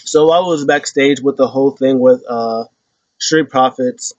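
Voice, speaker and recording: A man hosting a casual wrestling recap, retelling events in an animated way and acting out the quotes. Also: medium pitch, unhurried, dry recording. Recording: dull lo-fi sound.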